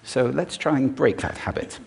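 A man's voice: mid-range voice, expressive, moderate pace, creaky. A man who is a voice expert gives a live talk on a stage before an audience and uses his own voice to demonstrate his points.

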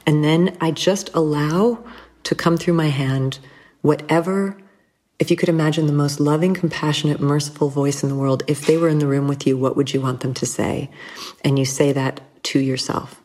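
Deep-voiced woman, earnest interview guest. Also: fairly even intonation, normal speed. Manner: earnest, with soft laughs and restarts. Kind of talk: reflective interview talk.

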